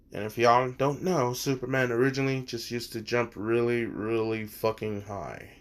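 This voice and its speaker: A man's voice: mid-range voice, fairly even intonation, moderate pace. A man casually retelling a fan story, rambling and swearing, with many fillers and asides.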